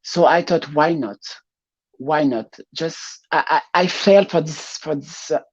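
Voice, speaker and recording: A woman with a French accent, a pageant showgirl talking as a guest in a casual interview, laughing often and pausing to find her words. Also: low voice, breathy edge, dull audio.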